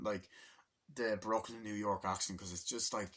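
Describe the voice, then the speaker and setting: A man's voice: on the low side, moderate pace, fairly bright tone. A man casually reviewing a movie on video, rambling, swearing and losing his train of thought.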